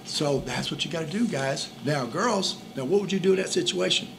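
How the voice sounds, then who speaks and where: A man's voice: fairly high pitch, a little fast, creaky, a bit bright. A man co-hosting a casual joking chat about dating, rambling and repeating himself as he goes. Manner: rambling, repeats "and all" and "it's like". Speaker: co-host giving dating tips. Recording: noisy background.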